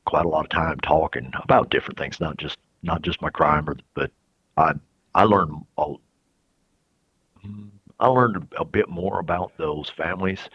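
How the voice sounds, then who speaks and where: Very deep husky man, halting. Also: no echo. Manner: halting, soft-spoken, frequent restarts. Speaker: incarcerated interviewee. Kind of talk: reflective interview answers. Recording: dull lo-fi recording.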